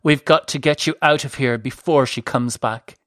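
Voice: mid-range voice, moderate pace, a bit bright, no echo, natural voice. A narrator voicing a frightened father who whispers urgently to his son, in a dry recording. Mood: urgent hush. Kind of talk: audiobook character voice.

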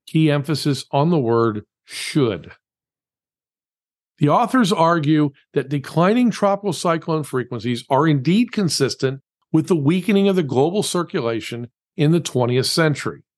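A man with a slightly higher voice delivers a scripted podcast commentary. He reads emphatically and drops wry, sarcastic asides.

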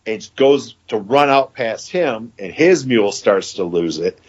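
Guy with a low husky voice telling a long hunting story, folksy, plays out the dialogue, kinda muffled podcast sound. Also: animated, measured pace, hardly any pauses. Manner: folksy, laughs while telling, acts out dialogue. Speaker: podcast guest. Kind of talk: casual storytelling. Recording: dull lo-fi podcast audio.

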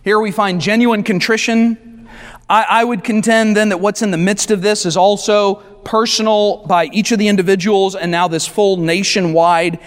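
A man preaching a sermon as pastor, talking conversationally with asides to the congregation and slowing down to stress key words. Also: high voice, steady tone. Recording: long reverb of a large hall.

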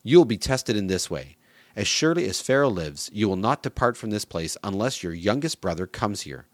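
Man doing a harsh commanding ruler, low stern voice, dry close sound. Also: big pitch swings, a little fast, no room sound. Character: stern powerful male ruler testing his brothers.

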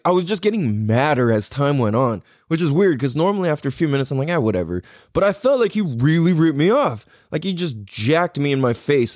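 A man's voice: medium pitch, no room sound, clean studio sound. A man hosting a podcast, telling a story in a casual, profane, slangy way, rambling with restarts. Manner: animated, voice jumps up when riled. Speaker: podcast host.

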